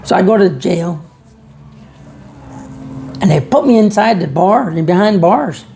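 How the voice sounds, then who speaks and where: Gravelly man ranting. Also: sits high, expressive, unhurried, mellow, faint music behind. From Georgia, USA. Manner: sarcastic, rhetorical, storytelling. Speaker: vlog host. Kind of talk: ranting monologue.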